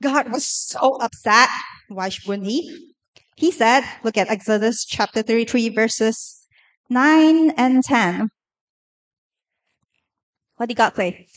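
A woman preaching a sermon in a lively, conversational way, asking the listeners questions. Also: on the high side, takes it slowly, pauses often, low-quality recording.

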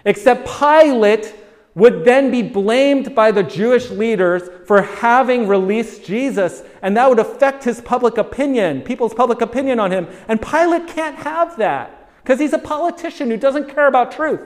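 Emphatic preacher in a big reverberant hall. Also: male voice, extremely high pitch, normal speed. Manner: preaching with emphatic rhetorical questions. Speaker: pastor. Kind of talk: sermon.

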